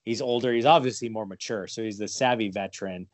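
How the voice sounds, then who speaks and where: A man's voice: on the low side, quick pace, no room sound. A man chatting casually as a podcast co-host, rambling and profane, poking fun at himself. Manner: rambling, profane, self-mocking theorizing. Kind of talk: casual chat.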